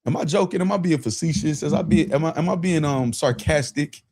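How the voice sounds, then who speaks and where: Excitable male livestream host. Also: fairly high pitch, brisk, breathy edge. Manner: excitable, repeats hold on, shouts out chat; profane, laughing. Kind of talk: casual livestream chat.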